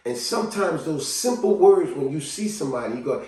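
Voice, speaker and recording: A man giving a casual motivational talk to camera, animated, acting out cheerful greetings and quiet sad confessions. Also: a little fast, hardly any pauses, recorded from a distance. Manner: animated, acts out greetings in a higher voice and sad confessions in a low murmur. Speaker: vlogger. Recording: very echoey room, voice from off mic.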